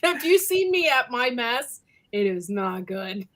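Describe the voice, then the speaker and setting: A woman from the United States in a casual group chat, talking in an animated way and laughing often. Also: on the high side, unhurried.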